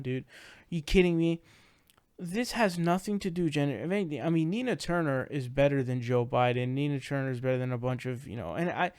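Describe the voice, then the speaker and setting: A man's voice: medium pitch, clean tone, no echo, clean studio sound. A man giving casual political reaction commentary, ranting in exasperation with frequent swearing.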